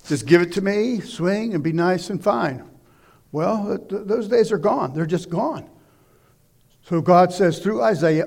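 A man preaching a sermon, loud and emphatic, shouting exhortations and dropping into quiet asides. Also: sits high, unhurried, creaky. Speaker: pastor.

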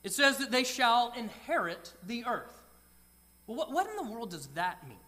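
A middle-aged male pastor delivers a sermon in a high, bright voice. He tells stories and often drops into soft, quiet asides. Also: big pitch swings. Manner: storytelling, with quick dips into soft quiet asides.

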